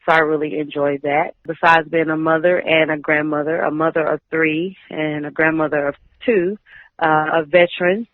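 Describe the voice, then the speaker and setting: A woman in her forties from Texas, a Reiki practitioner, chatting in an upbeat, energetic way as an interview guest. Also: deep voice, moderate pace, dry recording. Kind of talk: casual interview chat. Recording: dry tinny phone line.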